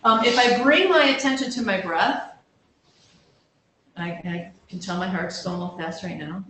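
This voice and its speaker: A woman's voice: mid-range voice, a bit bright, far from the mic. A woman counselor giving an informal workshop talk, conversational and self-deprecating, with frequent restarts and questions to check that the audience is following. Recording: very echoey room, voice picked up from afar, faint background hum.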